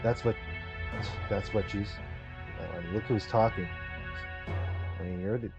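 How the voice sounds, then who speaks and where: A man's voice: on the low side, steady tone, unhurried, gravelly, long pauses, darkish tone, muffled recording. A man streaming a visual novel, rambling and swearing through his reactions and reading the text aloud. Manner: rambling, profane, laughing reactions. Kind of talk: let's-play commentary. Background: game music.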